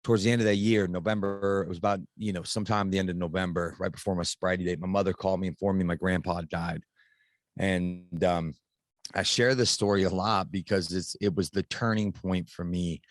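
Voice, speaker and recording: A man's voice: sits low, fairly even intonation, fairly quick, no echo. A man in his thirties, a podcast guest, telling a personal story in a casual, frank way and swearing freely.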